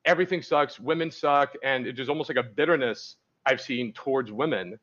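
A man's voice: medium pitch, a little fast, fairly bright tone, lo-fi sound. A man, a dating coach, talking candidly as a podcast guest and rambling through stories with many restarts. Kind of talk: casual podcast interview.

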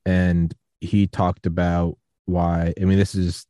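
Low, dark-voiced young man hosting a podcast. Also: slow pace, dry recording, clean studio sound. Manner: rambling storyteller, quotes others in animated voices. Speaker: podcast host. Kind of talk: casual interview chat.

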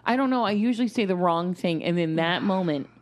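A woman's voice: lowish voice, brisk. A woman co-hosting a podcast, telling a story in casual chat, swearing freely and acting out what she said. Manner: animated, swearing, acts out her own quotes. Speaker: podcast co-host.

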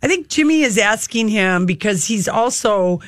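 A woman's voice: medium pitch, lively intonation, moderate pace, dry recording, studio quality. A woman co-hosting a radio show, chatting casually and gushing about celebrity gossip. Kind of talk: casual entertainment chat.

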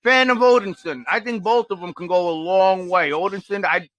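A man hosting a casual radio watch-along, chatty and rambling with lots of fillers and sudden bursts of excitement. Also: high-pitched, moderate pace, no echo. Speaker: podcast host.

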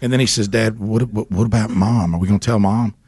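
A man hosting a radio show, telling a story in a casual, animated way with laughter and repeated words. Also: on the low side, quick pace, breathy edge, no room sound.

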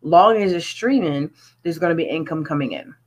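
A woman's voice: deep voice, lively intonation, a little fast. A woman who is a music artist, talking in an earnest, chatty way with many fillers in a casual interview.

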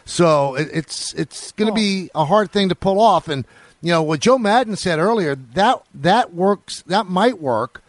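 Thoughtful co-host, slightly high voice. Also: male voice, expressive, a little slow, no echo. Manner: thoughtful, restarts, weighing ideas. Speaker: sports radio co-host. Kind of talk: casual sports radio discussion.

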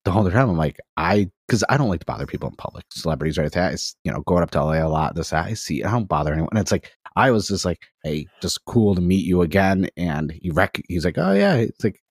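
A man's voice: low voice, expressive, quick pace, few pauses, breathy edge, no echo, studio quality. A man in his thirties, a podcast guest in casual chat, telling long anecdotes full of acted-out quotes. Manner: rambling storyteller, heavy on "I was like" quotes.

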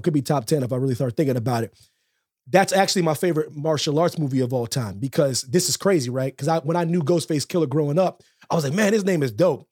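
A man co-hosting a wrestling podcast, ranting with animated energy and frequent repetition. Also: fairly high pitch, dry recording, clean studio sound. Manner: animated, repeats himself, loud rants. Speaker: podcast co-host.

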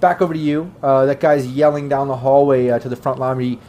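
A man's voice: medium pitch, little pitch movement, fairly quick, muffled recording. Casual male game master with faint hiss. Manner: casual, many fillers, breaks into gruff shouting voices for NPCs. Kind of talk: narrating a tabletop game.

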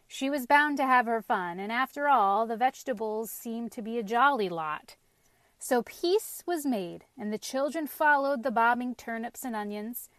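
Woman, storybook narrator, lively expressive reading, higher voice, dry close sound. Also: no room sound. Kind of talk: storybook read-aloud.

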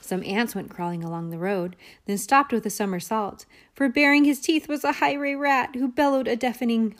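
A woman reading a children's picture book aloud in an expressive, rhythmic way. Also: a little high, moderate pace, few pauses. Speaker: storybook reader.

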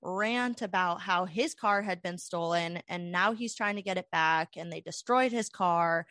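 A woman's voice: fairly low pitch, unhurried, no echo, studio quality. A young woman telling a long story in a casual, rambling chat full of "like" fillers. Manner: rambling, animated, many "like" fillers.

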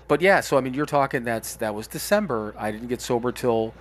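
A man co-hosting a podcast, talking candidly and reflectively, pausing and restarting as he speaks. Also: mid-range voice, lively intonation, a little hiss or hum. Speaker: podcast co-host. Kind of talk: casual podcast talk.

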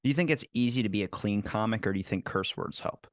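On his podcast, a man tells stories with animated, easygoing chatter and doesn't hold back on cursing. He talks fast in a fairly low voice, and the sound is studio-clean with no room ambience.

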